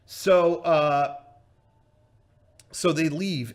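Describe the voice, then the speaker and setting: A man tells a long comic story on a livestream. His delivery is loose and rambling, full of fillers and swearing, and his voice sits at an average pitch. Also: expressive, moderate pace. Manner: rambling, profane, with many fillers. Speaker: comedy show host telling a story. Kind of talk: casual comedic storytelling on a livestream.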